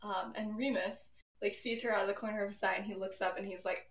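A woman's voice: medium pitch, steady tone, fast talker, recorded from a distance, a little hiss or hum. A young woman hosting a podcast, retelling a story in a chatty, giggly way with many fillers. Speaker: podcast host. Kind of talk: casual storytelling. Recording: roomy echo, poorly set home mic.

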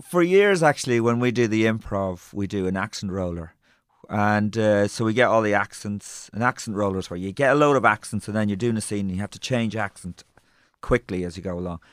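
A man, a comedian hosting a casual chat, who talks in a lively way and laughs often. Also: on the low side, fairly quick, smooth, no room sound, clean studio sound.

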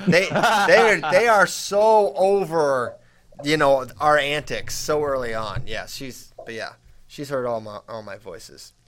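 Lively storytelling host, slightly high voice. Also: male voice, unhurried. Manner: lively storyteller, restarts a lot. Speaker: podcast host. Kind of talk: casual chat and storytelling.

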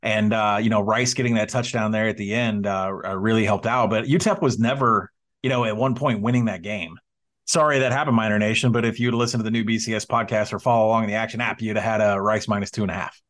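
A man's voice: on the low side, fairly even intonation, fast, a bit bright. A man from Arkansas co-hosting a sports betting podcast, boastful and a bit promotional. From Arkansas, USA. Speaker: podcast co-host.

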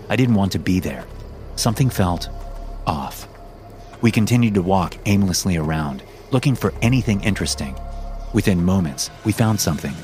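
A man with a very deep, low voice reads a scripted horror story at a slow, suspenseful pace. He builds dread line by line as the channel's host, with soft music faint underneath.

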